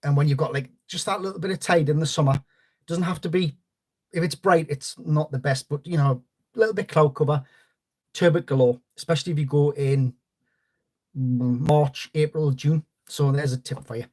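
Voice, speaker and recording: Male host, rambling live-stream chatter, slightly higher voice. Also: steady tone, normal speed, a little mellow. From North East England. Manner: rambling, chatty, greets viewers by name. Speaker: fishing channel host. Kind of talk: live-stream chat with viewers.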